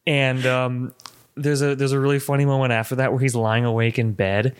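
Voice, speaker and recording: Animated male podcast co-host. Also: medium pitch, fairly quick, clean tone. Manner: animated, acts out film scenes with shouting. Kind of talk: casual chat.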